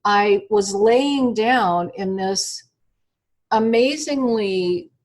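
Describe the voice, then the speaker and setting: Interviewed over an internet call, a woman guest with a mid-range voice tells a personal story. She is animated but halting, using many fillers and restarts.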